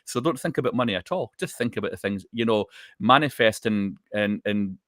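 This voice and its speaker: A man co-hosting a chat show, calmly explaining advice and repeating his points. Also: lowish voice, brisk, no room sound, clean studio sound. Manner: calm, explanatory, repeats phrases. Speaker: co-host.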